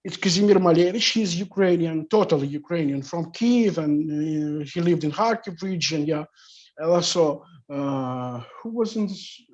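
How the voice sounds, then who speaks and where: A slightly high-voiced man speaking as a discussion guest, searching for words in halting non-native English and leaning on "you know". The sound is muffled and lo-fi. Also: a little mellow. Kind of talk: panel discussion. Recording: muffled lo-fi audio.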